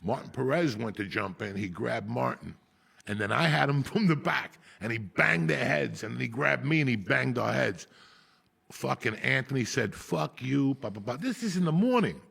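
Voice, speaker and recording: A raspy, gravelly man tells school stories full of swearing. His voice is husky and he often cracks up mid-story in a loose podcast chat. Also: mid-range voice, moderate pace. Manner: raspy, profane, animated, breaks into laughter. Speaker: podcast host. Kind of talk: profane casual storytelling.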